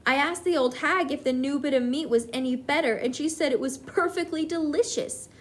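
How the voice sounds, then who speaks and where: A woman voicing a male restaurant waiter, calling out in a loud, chatty way. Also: high-pitched, a little fast, slight background noise, voice pushed up, natural voice. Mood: amused.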